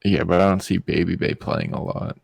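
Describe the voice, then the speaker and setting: A young man co-hosting a podcast, talking casually and sounding a bit flat and disappointed. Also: low voice, fairly quick, gravelly, no echo. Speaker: podcast co-host. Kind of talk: casual esports chat.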